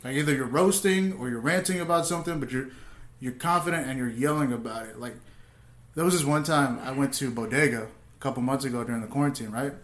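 A man's voice: medium pitch, fast talker, fairly bright tone. Laid-back man in an echoey room. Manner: laid-back storytelling, crude jokes. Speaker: podcast host and stand-up comedian. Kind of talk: casual chat.

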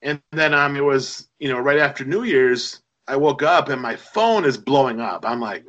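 A man's voice: mid-range voice, normal speed, sharp tone, muffled recording. A middle-aged man telling rambling, anecdotal stories as a guest in casual conversation. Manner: chatty, anecdotal, many fillers. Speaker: podcast guest. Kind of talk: casual storytelling.

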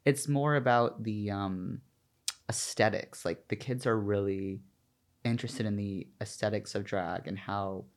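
A man from the American South, a drag performer and a guest in a casual interview, who talks in an animated, chatty way with plenty of "like" fillers. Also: lowish voice, measured pace. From Southern United States.

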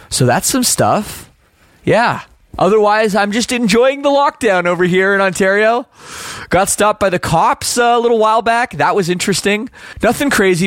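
A young Canadian man hosting a podcast, chatting in an upbeat, easygoing way. His voice sits a little high and sounds dry and close to the mic. He talks in casual bursts, from a home studio over a video call. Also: a bit bright, dry recording. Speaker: podcast host.

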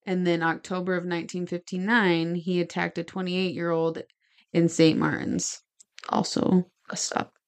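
A woman's voice: on the low side, little pitch movement, normal speed. A woman co-hosting a podcast, telling a true-crime story from her notes with chatty asides. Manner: gestures while talking. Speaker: podcast co-host.

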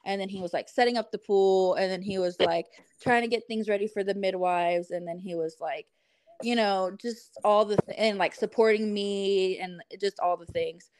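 A woman's voice: mid-range voice, steady tone, moderate pace, darkish tone, clear, resonant tone, no echo. A woman guest on a podcast, casually telling a story in a chatty way with lots of fillers. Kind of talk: casual chat.

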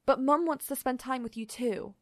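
A woman reading as a gentle British dad. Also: sits high, moderate pace, dry recording, studio quality, voice pushed up. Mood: coaxing. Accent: put-on British. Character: fond British father, gentle and patient.

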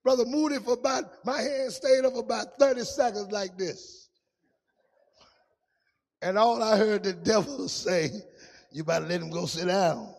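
A man preaching a testimony sermon in a sing-song style, dropping to a hush and rising to shouts. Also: high voice, unhurried, creaky, pauses often, long reverb tail.

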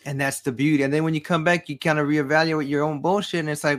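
Higher-voiced man hosting a casual podcast. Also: quick pace. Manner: animated, profane, playful. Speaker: podcast host. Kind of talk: casual chat.

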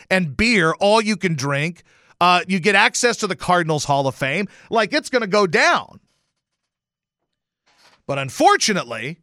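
Animated, bright-voiced ranting man. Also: a little high, no room sound, studio quality. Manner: animated, profane, sarcastic storytelling. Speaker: podcast host. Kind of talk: casual rant.

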